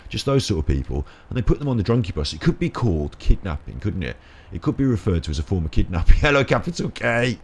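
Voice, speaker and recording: British man, gaming commentary, jokey and rambling, lively intonation. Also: low voice, fast talker, breathy edge. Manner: jokey, chatty, laughs often. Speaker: gaming channel host. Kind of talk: rambling let's play commentary.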